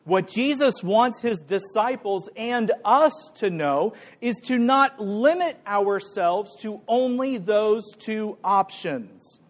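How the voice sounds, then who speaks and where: A man's voice: high voice, animated, slow pace, hardly any pauses. A middle-aged man preaching a sermon, conversational and playful, joking with his congregation. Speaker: pastor. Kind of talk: sermon with a live demonstration.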